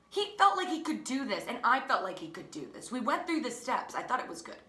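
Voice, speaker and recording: A young woman teacher telling a family story in a chatty, animated, self-mocking way. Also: medium pitch. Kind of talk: casual storytelling. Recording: echoey room.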